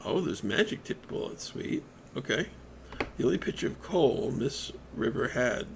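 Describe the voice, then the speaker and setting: A man casually commenting on a game as he plays, reading its text aloud and thinking out loud in a hesitant way. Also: mid-range voice, animated, moderate pace, vocal fry, a little hiss or hum. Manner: hesitant, thinking aloud with many ums and restarts. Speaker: let's play gamer.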